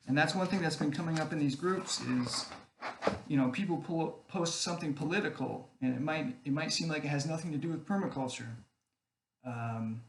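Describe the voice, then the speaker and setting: A man's voice: medium pitch, creaky, a bit bright. A man rambling casually to camera, often checking in with "okay?" as he goes. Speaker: online group admin. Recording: echoey room, faint background noise.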